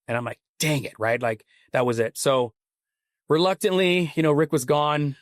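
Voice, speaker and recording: A man's voice: mid-range voice, brisk, clean tone, dry recording, clean studio sound. A man, a podcast guest, telling a long personal story in a casual, rambling and earnest way. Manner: rambling, earnest, full of "like" and "you know". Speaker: podcast guest, company CEO.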